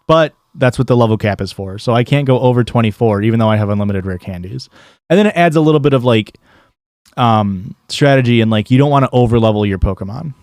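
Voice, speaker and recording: A man's voice: medium pitch, a little mellow, no echo, studio quality. A young man with a Midwestern accent casually talking through a game stream, rambling with lots of fillers and restarts. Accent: Midwestern American. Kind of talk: casual gameplay commentary.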